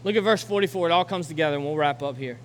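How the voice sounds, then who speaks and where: A young adult man preaching a sermon as pastor, building to loud, urgent exhortation and then closing in a quiet, reflective way. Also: a little high, rapid-fire. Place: church auditorium. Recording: long hall reverb with faint noise.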